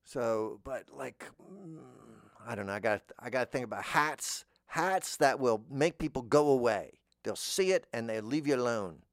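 A man hosting a podcast, musing in a meandering deadpan monologue that trails off into mumbles. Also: normal speed, dry recording, studio quality. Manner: jumps into high squeaky voices for imagined speakers. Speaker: podcast host. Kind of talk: rambling comic monologue.

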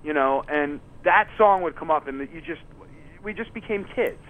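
A touring musician guest telling rambling stories in a casual interview, full of fillers and restarts. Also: male voice, on the high side, normal speed. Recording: tinny phone-line audio.

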